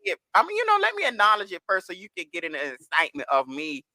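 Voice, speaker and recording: A man's voice: sits high, wildly swooping pitch, very fast, pushed and bright, dry recording. A man as a podcast guest, telling candid stories in casual chat and slipping into the voices of people in them. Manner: candid storytelling, slips into voices of others.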